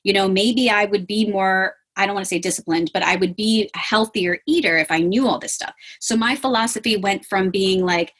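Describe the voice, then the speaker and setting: A woman dietitian talking casually as an interview guest, animated and acting out what her clients say. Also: medium pitch, fairly quick, few pauses, breathy edge. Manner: animated, acts out quotes of clients.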